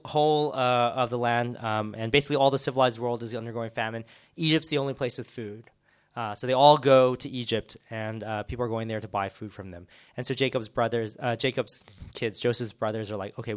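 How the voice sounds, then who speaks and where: A man teaching a bible passage casually, retelling it in an animated way with many acted quotes and fillers. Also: mid-range voice, clean tone.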